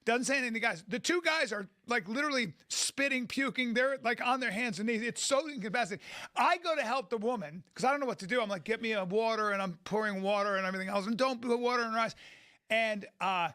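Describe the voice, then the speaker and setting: A man with a high, bright voice tells a long rambling anecdote, stopping and restarting as he acts out what people said. He talks casually as a podcast co-host. The sound is dry and close. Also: expressive, fast, no echo. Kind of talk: casual political chat and storytelling.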